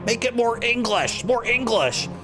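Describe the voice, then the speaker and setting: A man voicing a pushy male recording studio director who coaches an actor in a high, insistent, drawn-out way. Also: animated, over music.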